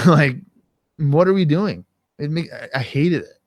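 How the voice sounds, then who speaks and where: A man's voice: a little high, animated, unhurried, dry recording, studio quality. Ranting, profane man on a podcast. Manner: ranting, swears often, acts out quoted voices. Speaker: podcast co-host. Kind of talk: casual wrestling review chat.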